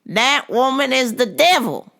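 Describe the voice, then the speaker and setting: A woman putting on the voice of an indignant churchgoing older woman customer who talks in a preachy, dramatic, drawn-out way. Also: high-pitched, animated, creaky, bright, forceful tone, pitched above the performer's own voice, exaggerated voice. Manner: drawn-out, preachy indignation, calls people baby.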